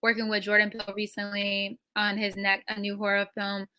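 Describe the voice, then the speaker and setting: A young adult woman, an actress, telling stories in a casual interview. She is animated, acts out quoted lines and uses many fillers. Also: medium pitch, brisk, slight background noise. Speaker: actress guest.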